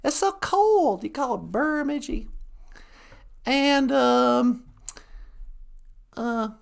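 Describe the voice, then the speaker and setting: A woman's voice: high voice, expressive, creaky. A woman from Minnesota co-hosting a casual live-stream podcast, playful and giggly. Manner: playful and giggly, drawn-out words. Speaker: podcast co-host.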